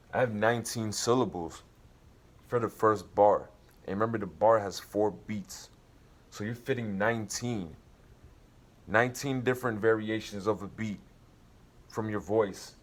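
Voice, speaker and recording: A man teaching rap writing in a casual way, explaining slowly and counting out beats and syllables. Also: fairly low pitch. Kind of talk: casual instructional talk.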